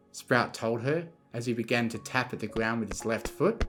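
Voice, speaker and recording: A bedtime story narrator reading fanfiction aloud. The reading is calm yet expressive, with a lively pitch. Soft music plays faintly underneath. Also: normal speed, few pauses. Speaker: fanfiction reader.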